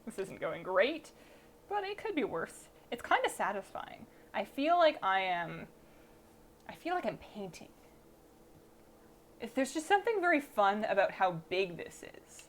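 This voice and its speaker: A woman's voice: medium pitch, very animated, unhurried, pauses often, slight background noise. A woman chatting casually while she bakes on a live stream in her home kitchen. She thinks aloud as she works and pokes fun at her own mistakes. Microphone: streaming mic through a mixer.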